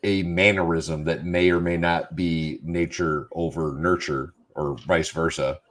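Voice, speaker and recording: Blunt deep-voiced man. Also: steady tone, measured pace, fairly bright tone. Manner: blunt, argumentative. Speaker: co-host. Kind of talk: casual livestream chat.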